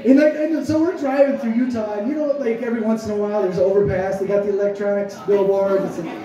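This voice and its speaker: A man telling a comic story, rambling and animated with many fillers. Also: sits high, fast talker. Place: storytelling event hall. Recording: echoey room, distant dull mic.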